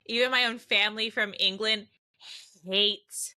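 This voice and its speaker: A woman's voice: medium pitch, steady tone, a little slow, bright, forceful tone, clear, resonant tone. A young adult woman co-hosting a podcast, chatting casually and enthusiastically and swearing freely. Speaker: podcast co-host. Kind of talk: casual chat.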